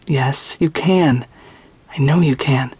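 A woman narrator voicing a young man, an anxious, caring husband, speaking gently and with worry. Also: extremely low pitch, slow pace, slightly rough, no echo, heavily acted. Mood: soothing.

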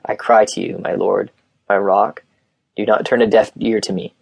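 A man's voice: on the low side, level tone, normal speed, creaky, darkish tone, breathy edge, no echo. A man voicing a guarded, hurting teenage girl who answers in a curt, reluctant way.

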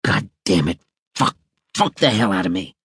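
A man reading an audiobook voices a crude, profane film producer who talks gruffly and full of himself. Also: low-pitched, sing-song, normal speed, fairly bright tone, dry recording, studio quality, full character voice. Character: crude, sleazy middle-aged male film producer.

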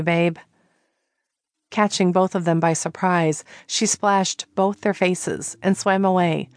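A woman reads a novel aloud at a slow, deliberate pace in a fairly low voice. The sound is dry and close, with no room around it. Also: dry recording. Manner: slow, even storytelling. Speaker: audiobook narrator. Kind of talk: scripted narration.

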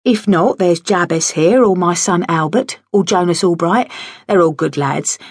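A woman's voice: fairly low pitch, a little slow, husky, no echo. A woman voicing a big, chatty, kindly older Victorian man in an audiobook, hearty and full of gossip. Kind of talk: audiobook character voice. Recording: dry studio audio.

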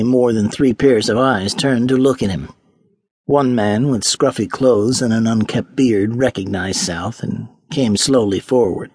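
A man reading a historical mystery audiobook in measured, dramatic narration on a close microphone. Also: lowish voice, darkish tone, slightly rough, no echo. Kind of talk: scripted narration.

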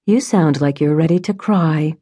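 A woman's voice: low-pitched, moderate pace, mellow, breathy edge, dry recording, studio quality. A woman voicing a kind adult woman who manages a jewelry store, frank and caring, in an audiobook.

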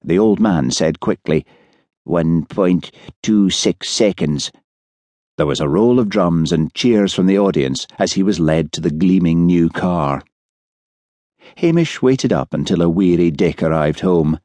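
A man narrating an audiobook in a measured storytelling manner, recorded on a studio microphone. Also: sits low, lively intonation, dark tone, no echo. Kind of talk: scripted narration.

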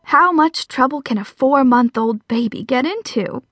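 A woman narrator voicing a gentle, soothing middle-aged mother. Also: high-pitched, lively intonation, normal speed, no room sound. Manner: soothing, warm-hearted.

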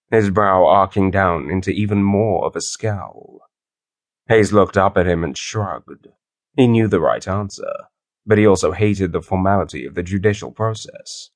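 A man narrating his own science-fiction audiobook in a measured, wry storytelling manner. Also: deep voice, no room sound, clean studio sound. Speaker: author and narrator.

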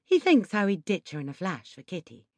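A woman with an English accent narrating an audiobook in a measured, expressive way. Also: mid-range voice, no room sound. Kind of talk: scripted narration.

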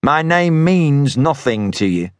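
An actor voicing a wry, stocky northern man with a thin, nasal northern English accent who speaks slowly and teasingly. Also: a little high, big pitch swings, no echo.

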